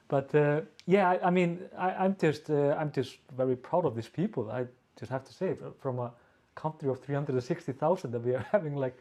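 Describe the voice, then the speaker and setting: A man with an Icelandic accent, hosting a casual video-call Q&A as an editor, talking haltingly with many fillers and restarts. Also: a little high, warm tone. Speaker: editor-in-chief, co-host.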